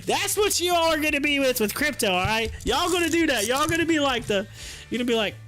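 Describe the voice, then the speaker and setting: A man's voice: very high-pitched, animated, brisk, sharp tone, soft background music. A man doing casual live-stream commentary on stocks, joking and laughing often and slipping into mocking voices.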